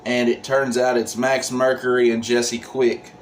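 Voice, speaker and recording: A man's voice: medium pitch, flat delivery, unhurried, slight background noise, poor audio. A man casually recapping a comic book plot, full of ums and restarts. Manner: rambling, many ums and restarts.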